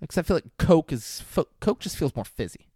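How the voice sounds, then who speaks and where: A man's voice: a little high, fairly quick, husky, no room sound, clean studio sound. A man co-hosting a casual podcast, recapping a film and acting out its lines in big voices. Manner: animated, acts out quotes in big voices. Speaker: podcast co-host.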